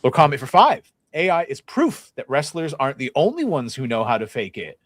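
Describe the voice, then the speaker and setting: Playful mid-pitched man reading comments. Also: sing-song, fairly quick, no room sound. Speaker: panelist reading viewer comments. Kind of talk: casual panel chat.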